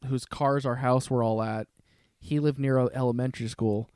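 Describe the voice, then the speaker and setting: A man as a podcast guest, telling a story in casual chat, lively and profane, acting out the lines of the people in it. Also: medium pitch, moderate pace, clean tone, dry recording, studio quality. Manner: animated, swearing, acts out quoted lines.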